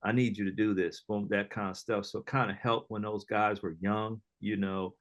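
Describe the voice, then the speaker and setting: A middle-aged man, an entrepreneur guest, telling casual stories in an animated, slangy way, often acting out other people's lines. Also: fairly low pitch, normal speed. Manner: animated storyteller, slangy, acts out quoted voices, laughs often. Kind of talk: casual storytelling interview.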